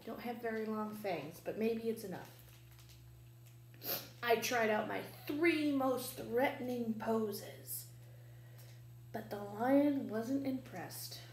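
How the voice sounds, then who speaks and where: A woman librarian reading a children's storytime in a library, playful and animated, asking the children questions. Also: on the high side, slow pace, long pauses, a little hiss or hum. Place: library room. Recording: echoey room, faint ambience.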